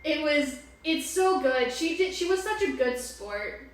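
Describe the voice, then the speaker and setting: Excited high-voiced woman running the game. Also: heavy reverb, distant mic. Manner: excited and quick to laugh. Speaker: game master. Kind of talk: casual chat at a tabletop game.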